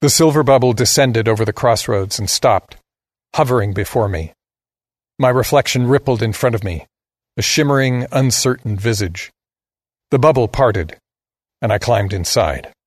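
A man narrating a first-person science fiction story in a measured, grave way. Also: mid-range voice, dry recording, clean studio sound.

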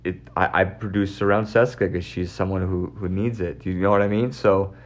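A man's voice: deep voice, fairly even intonation, normal speed. A man in his forties hosting a live stream, chatting with a caller in a scattered, rambling way, often repeating himself. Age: 40s. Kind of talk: casual live chat with a caller.

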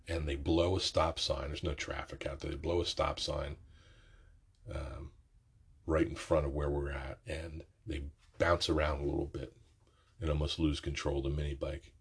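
A middle-aged man telling a rambling, profane story from his youth, often correcting himself mid-sentence, with a raspy voice. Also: extremely low pitch, level tone, normal speed. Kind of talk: casual storytelling.

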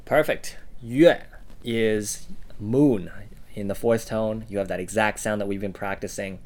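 A man co-hosting a casual lesson podcast, giving example words in a relaxed way with plenty of "uh" and "um". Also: on the low side, measured pace. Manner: relaxed, with frequent "uh" and "um".

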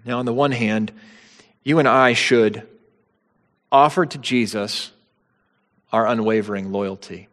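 Male pastor, sermon delivery, earnest and emphatic, middle pitch, long hall reverb. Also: measured pace, long pauses, fairly bright tone. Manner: earnest, emphatic preaching with rising stresses.

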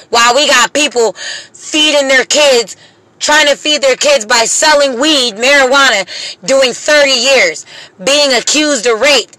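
A woman's voice: sits high, bright, forceful tone, no echo, low-quality recording. A single mother speaking in an impassioned, pleading monologue, swearing often and close to tears at times. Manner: impassioned, pleading, profane, slow deliberate emphasis. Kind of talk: emotional monologue to camera.

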